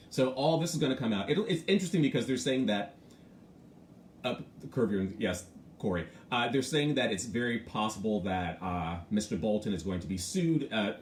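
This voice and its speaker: Chatty man in an echoey room. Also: mid-range voice. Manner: chatty, greets viewers by name between thoughts; frank and animated, mimics other voices. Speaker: host of a morning live stream. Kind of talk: casual live-stream commentary. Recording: echoey room with faint ambient noise.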